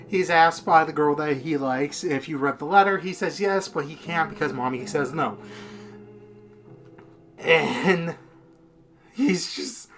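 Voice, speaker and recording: A man's voice: a little high, fairly bright tone. A young man giving a casual, rambling video review of a manga, swearing constantly and getting worked up as he retells the story.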